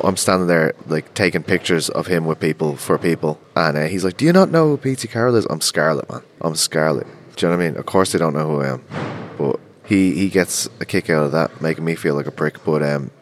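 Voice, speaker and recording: An Irish man hosting a podcast in casual chat, with a low voice and a fast pace. He swears freely and keeps up quick banter. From Ireland. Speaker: podcast host.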